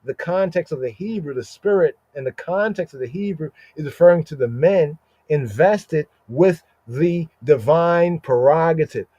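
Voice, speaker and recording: A man teaching scripture on a podcast, explaining slowly, repeating words and often asking "right?". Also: a little high, animated, mellow, breathy edge, dry recording, muffled recording. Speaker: Bible teacher.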